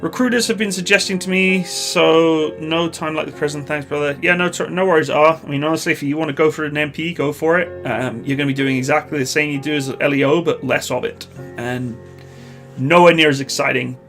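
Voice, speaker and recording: A man's voice: a little high, fairly quick, soft background music. Chatty Canadian man on a live stream. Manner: relaxed, chatty, hesitant with many uhs. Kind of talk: casual live chat reading questions.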